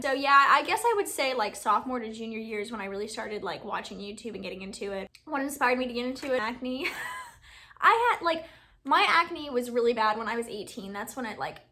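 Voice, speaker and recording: A woman's voice: a little high, bright, forceful tone. A woman in her twenties from Alabama, chatting casually and rambling through a Q&A vlog, laughing often. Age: 20s. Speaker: beauty YouTuber.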